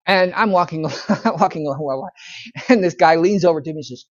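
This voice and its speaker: A man's voice: high voice, lively intonation, moderate pace, long pauses. A man, a pastor teaching a church Bible study in a folksy, conversational storytelling manner. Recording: dull lo-fi church recording.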